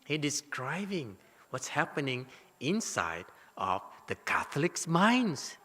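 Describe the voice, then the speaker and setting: Lively, bright-voiced male dharma teacher. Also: a little high, slow. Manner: animated, teasing, asks listeners rhetorical questions. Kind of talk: dharma lecture. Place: temple lecture hall. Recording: hall reverb.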